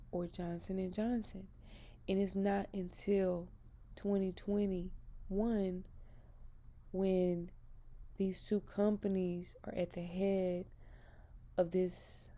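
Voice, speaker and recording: A woman's voice: fairly low pitch, mellow. A woman in her thirties giving an earnest, emphatic personal testimony about her faith. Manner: earnest and emphatic, retelling with feeling. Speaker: christian vlogger.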